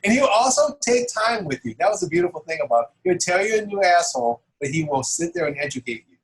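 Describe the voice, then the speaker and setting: A man's voice: high-pitched, fast, poor audio. A middle-aged man, a comic book artist, talking casually as an interview guest and chuckling as he tells anecdotes. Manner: animated, chuckles while telling anecdotes. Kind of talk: casual storytelling.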